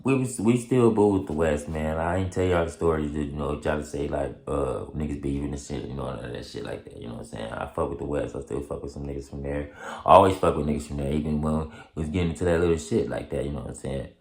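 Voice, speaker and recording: A man telling a story in casual street slang, laughing often and acting out quotes in high excited voices. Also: quick pace, gravelly, roomy sound. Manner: heavy street slang and profanity. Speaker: storyteller vlogger.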